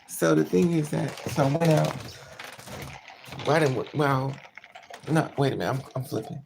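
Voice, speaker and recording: Gravelly-voiced woman telling a blunt story. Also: low voice, moderate pace, long pauses, a little hiss or hum. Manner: blunt, profane, animated storytelling addressing viewers. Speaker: vlogger. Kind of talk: casual storytime chat.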